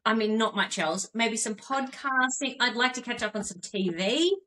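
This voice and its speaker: An Australian woman co-hosting a podcast over a video call, telling stories with lively, laughing energy. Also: a little high, moderate pace, slight background noise. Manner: animated storytelling with laughs. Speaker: podcast co-host.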